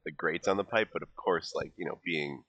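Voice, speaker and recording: A man's voice: a bass voice, fairly quick, pushed and bright, dry recording. A man playing a tabletop game, rambling and giggly, his speech full of fillers. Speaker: player. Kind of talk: casual chat.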